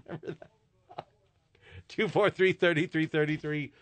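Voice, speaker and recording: A male radio host running a live call-in joke segment, jovial and quick to laugh. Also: fairly high pitch, steady tone, no echo. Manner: jovial, laughs easily, repeats the phone number. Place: radio studio. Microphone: studio microphone.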